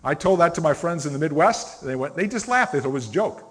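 A man's voice: on the high side, animated, quick pace, few pauses, slightly rough. A middle-aged man preaching a sermon as a pastor, telling stories in a conversational way and stressing single words. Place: church sanctuary. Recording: long reverb of a church hall.

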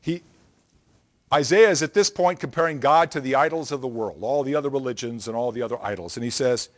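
A man's voice: medium pitch, fairly quick. A man preaching a Bible lesson, explaining scripture in an emphatic, teacherly way and often checking in with the listeners.

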